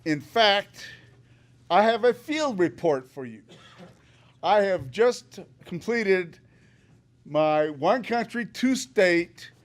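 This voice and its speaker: An older man with a high voice gives public comment at a meeting. He is chatty, upbeat and joking. He speaks into a podium microphone in a meeting room. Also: animated, slow, pauses often.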